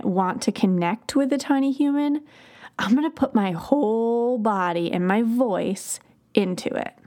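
A woman's voice: mid-range voice, a little mellow. Woman hosting a parenting podcast. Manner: conversational, explaining with example phrases to children. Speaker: podcast host. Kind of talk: podcast teaching on child development.

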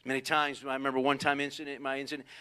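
A man's voice: mid-range voice, rapid-fire, clean tone. A middle-aged man, a pastor, preaching a sermon and telling family stories, acting out the voices of the people in them. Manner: animated storytelling, acts out quoted voices.

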